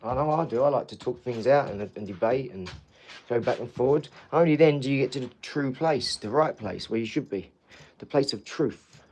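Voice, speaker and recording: A man's voice: medium pitch, moderate pace, a little mellow, slight background noise. A man hosting a casual livestream, talking to viewers in a chatty, rambling way and often repeating himself. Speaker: livestream host.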